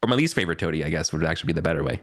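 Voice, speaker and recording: A man's voice: extremely low pitch, expressive, racing, a bit bright. A man playing in a tabletop game, talking casually in a rambling way with many fillers. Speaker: player.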